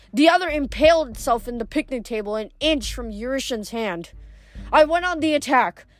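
A woman reading a novel aloud in steady first-person narration, with small restarts. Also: fairly high pitch, no echo. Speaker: audiobook reader.

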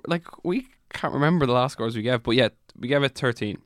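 A man's voice: medium pitch, brisk, dry recording, clean studio sound. A man co-hosting a podcast, bantering and swearing in casual chat. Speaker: podcast co-host.

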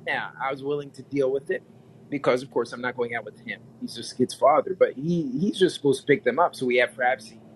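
A man in a casual podcast chat, an animated storyteller who repeats phrases and laughs often. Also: medium pitch, quick pace, a little hiss or hum, low-quality recording. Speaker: podcast guest.

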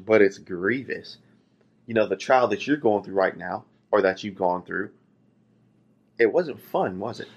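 A man's voice: fairly low pitch, dull audio. A man preaching a sermon, earnest, asking rhetorical questions and repeating key phrases.

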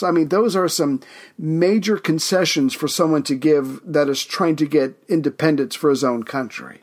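A man's voice: fairly high pitch, normal speed. A man co-hosting a history podcast, retelling events casually and laughing easily. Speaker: podcast co-host.

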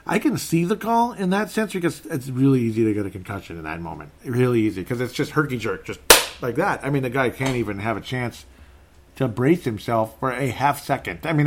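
A man in his thirties hosting a podcast, rambling casually as he reads out listener comments and laughs often. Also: medium pitch. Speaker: podcast host. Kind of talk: casual live-stream chat reading comments.

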